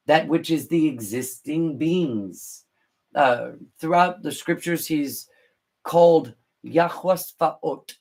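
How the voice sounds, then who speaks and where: Slow, halting man explaining scripture. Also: fairly high pitch. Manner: halting, many restarts and fillers, slow and deliberate. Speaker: podcast host. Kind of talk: unscripted talk explaining scripture.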